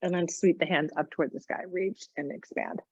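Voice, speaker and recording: A woman's voice: fairly low pitch, fairly quick, husky, dry recording, dull audio. A woman teaching a yoga class, cueing each move with chatty, joking asides. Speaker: yoga instructor. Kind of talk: guided exercise class instruction.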